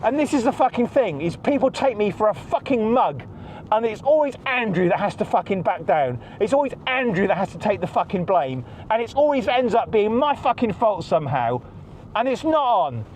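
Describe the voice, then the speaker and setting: Middle-aged man, podcast host, stressed and agitated, swearing rant in a fairly high voice. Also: very animated, normal speed, a little mellow, slight background noise. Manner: angry, heavy swearing, repeats himself. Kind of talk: ranting monologue.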